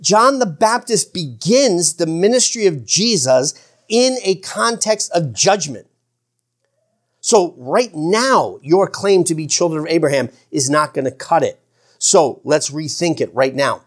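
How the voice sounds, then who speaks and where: Earnest man preaching, slightly high voice. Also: expressive. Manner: earnest preaching with frequent restarts and stammers; shifts from slow emphatic phrases to quick asides. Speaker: pastor. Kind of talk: sermon.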